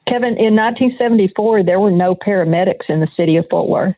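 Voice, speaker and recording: An older woman, a retired nurse, reminisces calmly about her career as an interview guest. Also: medium pitch, fast talker, no room sound. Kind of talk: conversational interview. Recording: tinny phone-like line.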